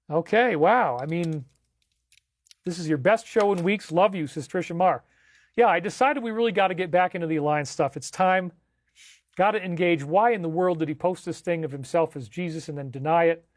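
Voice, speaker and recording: A man's voice: on the high side, moderate pace, no room sound, studio quality. A man hosting a livestream, talking in an emphatic, incredulous way and repeating himself for effect. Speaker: livestream host. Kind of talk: livestream commentary.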